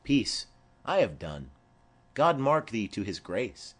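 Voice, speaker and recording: A man's voice: fairly low pitch, sing-song, slow, a bit bright, breathy edge, exaggerated voice. A man reading the part of a fond, chattering elderly nurse in an audiobook of a play, rambling through long stories. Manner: rambling, digressive storytelling.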